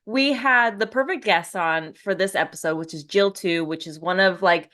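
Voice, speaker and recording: A woman's voice: fairly low pitch, normal speed, fairly bright tone. A woman co-hosting a podcast in casual chat, teasing and sincere by turns. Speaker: podcast co-host and author.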